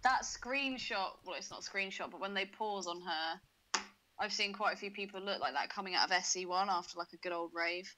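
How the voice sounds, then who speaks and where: Lively woman with faint hiss. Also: medium pitch, fairly quick, poor audio. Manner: laughing a lot, crude and lively. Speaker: podcast co-host. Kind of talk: casual banter.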